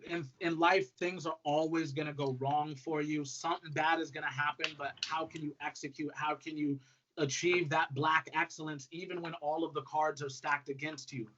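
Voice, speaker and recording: Laid-back man with a slightly high voice. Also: normal speed. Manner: relaxed, upbeat, lots of fillers. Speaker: whiskey brand ambassador, guest. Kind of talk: casual conversational storytelling. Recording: dull lo-fi audio with faint noise.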